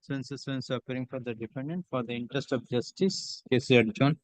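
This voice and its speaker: A man's voice: mid-range voice, quick pace, no echo, rough recording. A man presiding as a judge, authoritative and dictating court orders in short fragments.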